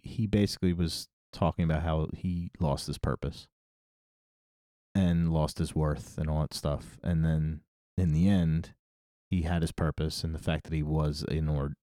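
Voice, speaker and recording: Deep, mellow-voiced man chatting about movies. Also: dry recording, studio quality. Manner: rambling, retells scenes with laughs. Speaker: podcast host. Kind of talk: casual movie discussion.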